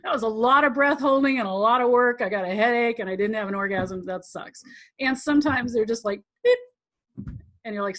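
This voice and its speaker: A woman's voice: on the high side, normal speed, a bit bright. A woman teaching a tantra class, talking in a chatty, rambling way, acting out quotes and laughing often. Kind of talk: live online class teaching.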